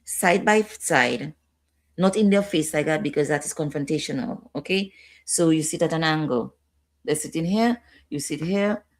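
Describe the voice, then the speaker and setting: A woman's voice: low voice, normal speed. A woman instructor giving a training lecture, repeating key points and checking in with her listeners.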